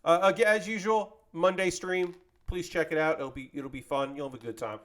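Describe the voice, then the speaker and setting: A man's voice: fairly high pitch, fairly quick. A man chatting casually with his live-stream audience while building a model kit, rambling and joking as he goes. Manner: rambling, animated, jokey, talks to chat.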